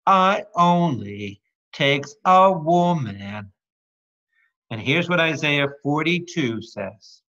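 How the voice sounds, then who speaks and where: A man's voice: a little high, pushed and bright. A man, a priest, teaching a Bible study in a playful, exclamatory way, quizzing his listeners and making sound effects. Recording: dull lo-fi recording.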